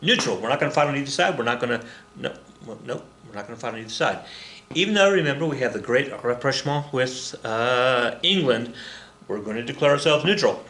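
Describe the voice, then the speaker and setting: A man teaches history in a recorded classroom lecture, rambling, joking, and often correcting himself. His medium-pitched voice is animated, brisk, and sharp, and the recording has a roomy echo with faint ambience.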